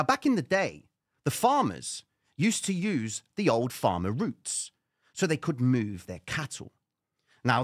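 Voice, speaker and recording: A man hosting a live stream, telling a dramatic personal story with lively slang. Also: medium pitch, no echo, studio quality. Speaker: trading show host.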